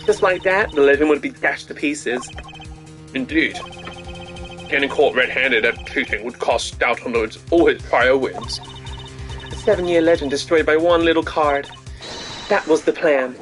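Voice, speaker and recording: A man voicing a scheming young woman card sharp with a sly, boastful manner, reading game dialogue aloud. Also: a little high, a little slow, soft background music. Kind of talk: game dialogue read-along.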